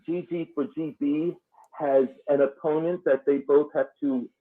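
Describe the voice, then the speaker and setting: A man calling into a show, speaking haltingly and explaining himself carefully. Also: a little high, steady tone. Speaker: caller. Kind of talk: call-in phone talk. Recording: tinny phone line.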